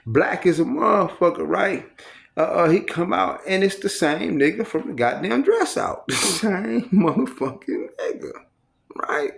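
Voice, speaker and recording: A man with a gravelly, fry-laden voice that sits a little high for a man. He tells a story from his time in prison casually and animatedly, full of profanity and street slang, acting out the sounds and exchanges as he goes. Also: animated, a little slow. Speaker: storyteller recounting prison life.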